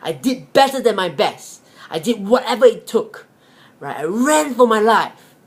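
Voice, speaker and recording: A man's voice: sits high, very animated, unhurried, pitched above the performer's own voice, exaggerated voice. A man voicing an injured male rabbit who speaks emphatically and insistently in a spoken fable. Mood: proud, insistent.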